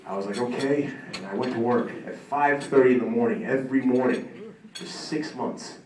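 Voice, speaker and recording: A man's voice: mid-range voice, normal speed, darkish tone. A man in his thirties giving an acceptance speech at a banquet, telling self-mocking stories with laughter. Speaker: hall of fame inductee. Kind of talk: after-dinner acceptance speech. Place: country club banquet room. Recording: echoey hall from far off, ambient noise.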